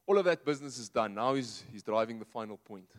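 A man preaching at a middle pitch in a loose, conversational way, with a long reverb trailing every phrase. He leans on rhetorical questions and drops to a hushed low voice when he lands a point. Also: lively intonation, quick pace. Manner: drops to a soft low voice for emphasis. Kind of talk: sermon.

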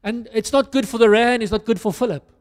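South African male preacher, animated storyteller, self-deprecating, high pitched, reverberant hall sound. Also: fairly quick. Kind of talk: conversational sermon.

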